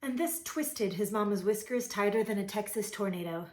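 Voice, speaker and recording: A woman teacher reading a children's picture book aloud with expressive, playful storytelling. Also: medium pitch, normal speed, few pauses. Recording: roomy echoey room.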